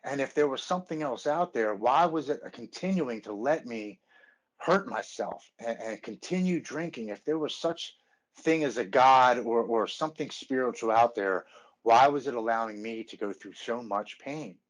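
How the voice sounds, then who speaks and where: Earnest man telling his recovery story. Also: mid-range voice. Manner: earnest, halting with many restarts. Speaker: podcast guest. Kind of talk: personal recovery story, casual chat.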